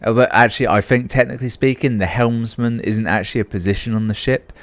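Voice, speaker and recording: A man's voice: mid-range voice, steady tone, fast, no echo, pitched above the performer's own voice, natural voice. A man putting on a pompous vain ship owner. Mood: fussy. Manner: boastful, grandiose, theatrical.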